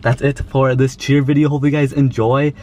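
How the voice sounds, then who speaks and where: A young man vlogging casually to camera, excitable and gushing, nervous. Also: medium pitch, normal speed. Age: young adult. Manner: excitable, gushing, lots of "oh my God". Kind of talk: casual vlog talk to camera.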